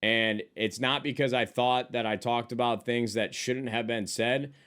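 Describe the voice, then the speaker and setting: A man's voice: mid-range voice, fairly even intonation, a little slow, a bit bright, smooth. A man streaming live, talking casually to his chat in loose, profane, joking banter from his desk. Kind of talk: casual stream chat reading and answering viewers. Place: at a desk with a monitor.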